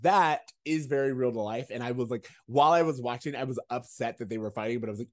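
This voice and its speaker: A man co-hosting a casual podcast, recapping a TV episode and acting out quotes with lively energy. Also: medium pitch, fast, hardly any pauses. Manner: animated, acts out quotes. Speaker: podcast co-host.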